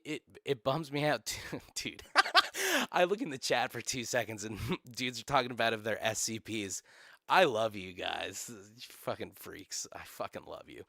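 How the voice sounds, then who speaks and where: A man's voice: lowish voice, vocal fry, fairly bright tone, no room sound, studio quality. A young man streaming live, ranting casually with sarcasm and swearing, laughing often.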